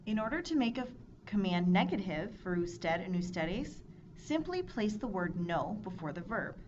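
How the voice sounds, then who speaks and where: A woman teaching a Spanish grammar lesson, explaining clearly and drilling verb forms in a measured, scripted way. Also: mid-range voice, big pitch swings. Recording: dull lo-fi recording with audible noise.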